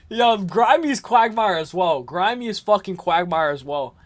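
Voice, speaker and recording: A man's voice: high voice, animated, measured pace. A young man from the New York area hosting a late-night livestream. He rambles casually, answers chat messages and laughs often. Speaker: livestream host.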